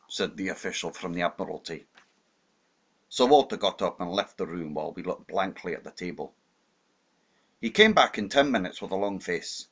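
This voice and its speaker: A man reads an unabridged classic novel aloud in the first person. His voice sits fairly low. The reading is dramatic and steady. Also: normal speed, long pauses. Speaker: audiobook narrator. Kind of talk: unabridged audiobook narration.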